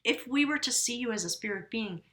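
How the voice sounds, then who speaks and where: Bright-voiced woman giving a tarot reading. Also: a little high, lively intonation, brisk. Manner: effusive, rambling, spiritual; talks directly to viewers, often self-correcting. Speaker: tarot reader. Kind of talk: casual spoken tarot reading.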